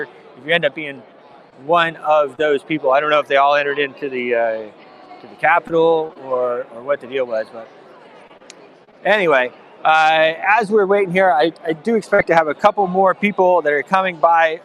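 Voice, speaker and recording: A man's voice: on the high side, a bit bright, a little hiss or hum. A man hosting a live stream from a conference, talking in a rambling way with many fillers and restarts. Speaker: livestream host. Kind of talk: live event stream commentary. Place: outdoors at a conference venue.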